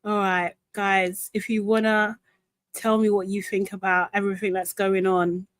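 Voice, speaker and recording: A woman's voice: medium pitch, no room sound. A woman hosting a live reaction chat, exclaiming and laughing as she reacts. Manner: animated, quick to exclaim, laughs often. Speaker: host of a live show debrief.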